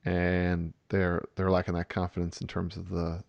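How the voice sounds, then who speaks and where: A man hosting a relaxed talk about teaching, animated and chatty with many fillers. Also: low voice, normal speed, vocal fry, no echo, muffled recording. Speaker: podcast host and teacher. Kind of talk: casual conversation.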